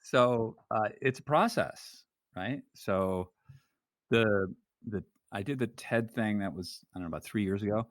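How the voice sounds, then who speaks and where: A man's voice: lowish voice, measured pace, no room sound, clean studio sound. A man talking as a podcast guest in casual conversation, loose and full of fillers. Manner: animated, loose, lots of fillers like "you know" and "like". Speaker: podcast guest, photographer and speaker.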